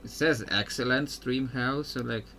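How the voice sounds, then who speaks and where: A man's voice: mid-range voice, unhurried, sharp tone, a little hiss or hum. A man streaming a video game, rambling in casual commentary with many fillers and restarts.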